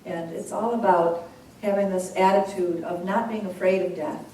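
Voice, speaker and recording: A woman minister leading a congregation in slow, measured sutra chanting, then speaking softly and conversationally. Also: fairly low pitch, fairly even intonation, a little hiss or hum. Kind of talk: call-and-response sutra chanting and sermon. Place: large hall with a congregation. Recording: echoey hall, voice from far off, congregation audible.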